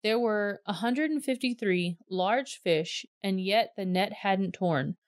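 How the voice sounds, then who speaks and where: A woman reading a Bible passage aloud in a clear, measured storytelling voice. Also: medium pitch, no echo, studio quality. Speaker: scripture reader.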